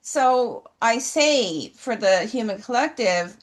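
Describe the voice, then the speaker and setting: A middle-aged woman speaking earnestly and emotionally as an interview guest, slow and halting. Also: fairly high pitch, expressive. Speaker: guest, horse healer. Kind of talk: heartfelt interview answers. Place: ranch.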